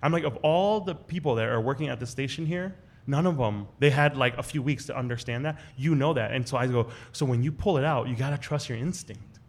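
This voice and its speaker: Man, live storytelling, casual, lively voice, acts out quotes. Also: brisk, hardly any pauses. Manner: animated, acts out quoted voices with big jumps in pitch. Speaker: guest storyteller on a live podcast show. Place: live event at a restaurant.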